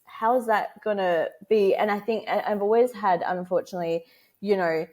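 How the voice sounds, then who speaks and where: A woman in her thirties with a mid-range, slightly mellow voice talks at a moderate pace as a guest on a podcast. A motherhood educator, she chats casually, laughing often as she acts out the people in her story.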